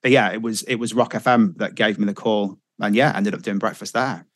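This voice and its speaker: A man's voice: fairly low pitch, fairly even intonation, a little fast, fairly bright tone, dry recording. A middle-aged man tells radio anecdotes in easy conversation. He slips into other people's voices when he quotes them. The recording is dry and close, with no room around it. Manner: chatty storyteller, acts out quotes. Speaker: radio presenter guest. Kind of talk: casual interview chat.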